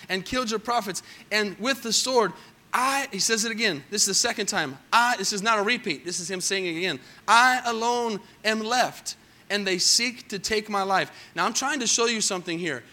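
A man preaching a sermon as pastor, moving between hushed storytelling and loud, emphatic passages and asking the congregation questions. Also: high-pitched.

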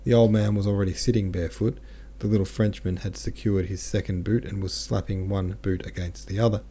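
Husky, dark-voiced male audiobook narrator. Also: deep voice. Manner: measured, steady. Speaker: audiobook reader and translator.

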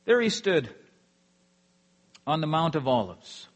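A male pastor delivers a sermon in an earnest, measured way. His voice sits slightly high, and he lets each phrase sink quietly at the end. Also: sing-song. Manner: earnest, drops softly at phrase ends.

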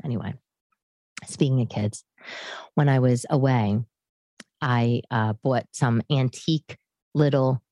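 A New York woman in her thirties, a podcast host, rambles self-deprecatingly to a home camera setup in her living room. Her voice rumbles low and mellow, slow with long pauses, and there's no room sound.

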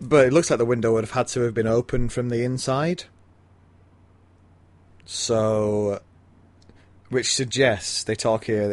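A man's voice: fairly low pitch, a little mellow, no room sound. A man co-hosting a casual book podcast, summarizing the plot with dry understatement. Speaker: podcast co-host.

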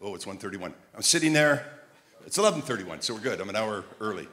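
This older Montreal preacher has a fairly low voice and talks fast, staying very animated throughout. He tells funny stories during his sermon, building to loud, forceful high points.

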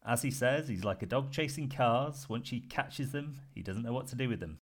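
A man's voice: mid-range voice, animated, normal speed. A British man hosting a podcast panel, mixing casual chat with wry scripted segments and frequent laughs. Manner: wry, laughs often, dry asides. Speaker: podcast host.

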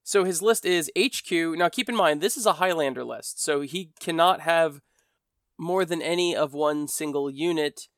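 A man's voice: on the high side, normal speed, fairly bright tone, no echo, studio quality. Chatty American man hosting a podcast. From United States. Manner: rambling, self-correcting, conversational. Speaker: podcast host. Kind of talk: casual monologue podcast.

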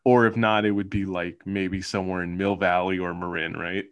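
A man's voice: low-pitched, little pitch movement, moderate pace, fairly bright tone, clean tone. A man co-hosting a casual movie podcast, musing about filming locations in a rambling way with many fillers. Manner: rambling, filler-heavy, thoughtful asides. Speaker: podcast co-host.

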